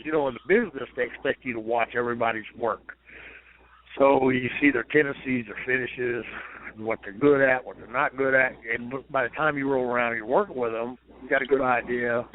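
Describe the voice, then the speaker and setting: This retired pro wrestler, a guest on a phone interview, talks a little fast in a mid-range voice with fairly even intonation. He rambles through profane, casual stories, and the phone line sounds tinny.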